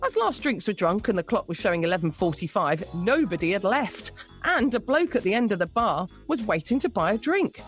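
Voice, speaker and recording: A woman co-hosting a radio show, reading a listener's story aloud with lively, amused storytelling. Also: mid-range voice, brisk, faint music behind. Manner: lively, amused storytelling, laughing between lines. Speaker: radio co-host.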